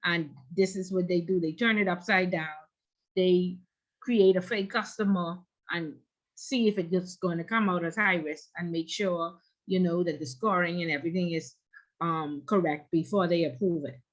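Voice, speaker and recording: A woman's voice: fairly low pitch, fairly even intonation, moderate pace. A woman instructor teaching an online class, chatty and teasing, telling stories between questions to her students. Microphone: video call. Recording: dull lo-fi video call audio.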